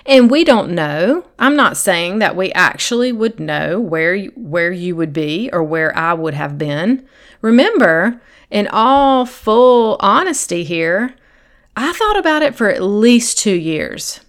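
Her mid-range voice is expressive and slow. Hosting a faith-based coaching podcast as a sobriety coach, she speaks earnestly and encouragingly straight to one listener, occasionally acting out what that person might be thinking.

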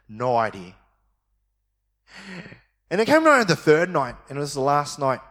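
A man whose voice is a little high gives a sermon testimony, spiritedly narrating his own story and impersonating his younger self. Tender moments find him speaking quietly and slowly.

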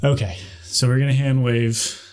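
A man with a flat, monotone way of talking, running a tabletop game as game master. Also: medium pitch, normal speed.

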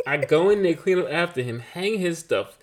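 A man in his thirties co-hosting a casual conversation show. His pitch swings widely as he acts out moments with his kids, and he laughs often while he tells them. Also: lively intonation, moderate pace. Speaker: podcast co-host. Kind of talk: casual chat.

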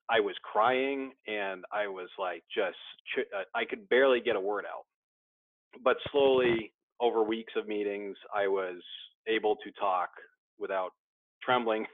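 A man's voice: fairly low pitch, no room sound. A man sharing his story candidly in a recovery support meeting, often restarting his sentences. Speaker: support group member. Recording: dry tinny phone-like sound.

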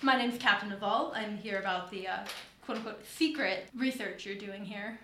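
A woman's voice: medium pitch, normal speed, pushed and bright. A woman player in a tabletop game, bluffing her way through a scene in a playful, evasive way. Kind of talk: tabletop role-play, in character. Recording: roomy echo, faint noise.

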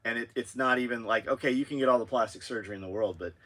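A man's voice: mid-range voice, very fast, a bit bright. A man appearing as a guest on a podcast, trading wisecracks and conspiratorial asides in casual chat.

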